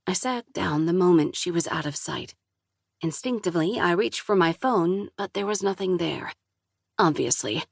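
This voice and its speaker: A woman's voice: on the low side, creaky, dry recording, clean studio sound. A woman narrating a first-person novel in a wry, exasperated voice, with casual swearing. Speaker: audiobook narrator.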